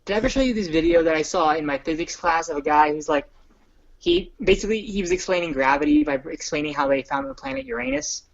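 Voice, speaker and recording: A man's voice: fairly high pitch, expressive, fast, vocal fry, highs cut off. A young man rambling through stories in a casual chat with a friend, restarting sentences and mimicking people's voices. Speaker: co-host.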